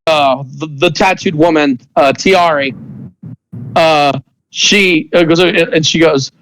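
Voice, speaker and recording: A man narrating as game master of a tabletop game, talking in a rambling, halting way with many restarts and fillers. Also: a little high, fairly bright tone, slight background noise, low-quality recording.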